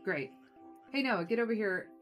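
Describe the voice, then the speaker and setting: A woman doing a brash, shouty little director. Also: medium pitch, normal speed, faint music behind, pitched above the performer's own voice, close to an everyday voice. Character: small energetic rude male film director.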